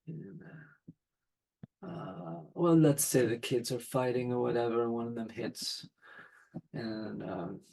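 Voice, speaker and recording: A man talking as a podcast guest and father, in a gentle, thoughtful, unhurried conversation. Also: mid-range voice, gravelly, slight background noise, poor audio. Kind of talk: reflective conversation.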